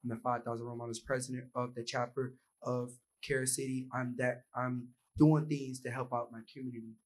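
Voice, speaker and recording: A man's voice: mid-range voice, little pitch movement, a little fast, rough recording. A young man, a university student, speaking earnestly from the audience microphone at a panel and acting out bits of dialogue. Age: young adult. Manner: earnest, acts out example dialogue.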